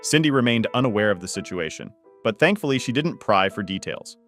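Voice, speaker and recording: A man narrating a first-person family story in a steady, matter-of-fact way. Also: lowish voice, a little fast, faint music behind.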